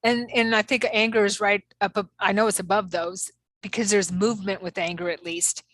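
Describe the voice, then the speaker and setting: A woman's voice: mid-range voice, fairly even intonation, brisk, a bit bright, dry recording. Co-host psychic medium, woman, chatty rambling, dry sound. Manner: rambling, many fillers and restarts. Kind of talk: casual spiritual chat.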